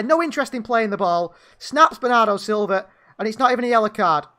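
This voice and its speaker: A man's voice: high-pitched, expressive, quick pace, hardly any pauses, sharp tone. A man giving partisan live fan commentary on a football match, calling the play and venting at the referee. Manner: partisan, indignant outbursts at the referee.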